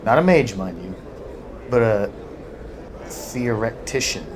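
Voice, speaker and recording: A man's voice: medium pitch, normal speed, natural voice. Man reading as a severe female engineer. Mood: guarded. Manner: curt, guarded. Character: severe, nervous female magical engineer, guarded. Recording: noisy home recording.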